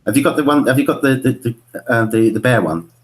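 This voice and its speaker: Fast-talking man, eager and stumbling. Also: mid-range voice, lively intonation. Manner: enthusiastic, stumbling restarts. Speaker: caller on a live video stream. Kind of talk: casual chat. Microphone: video call.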